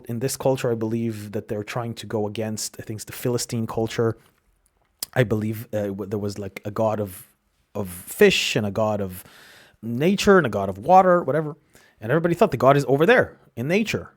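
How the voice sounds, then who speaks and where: A man's voice: medium pitch, darkish tone. A man hosting a solo podcast, talking in a reflective, explanatory way with frequent restarts. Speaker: podcast host.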